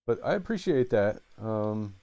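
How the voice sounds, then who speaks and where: A man chatting casually while live-streaming a retro game, relaxed and hesitant. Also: fairly low pitch, measured pace, clean tone.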